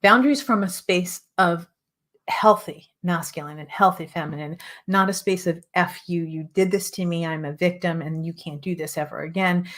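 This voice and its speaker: A middle-aged woman hosting a show and teaching about relationships in an earnest, repetitive way, her voice a little hoarse as she is losing it. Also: on the low side, normal speed, a bit bright. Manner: earnest, repetitive, with frequent "right?" asides. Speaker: host and relationship coach. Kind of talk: motivational teaching monologue.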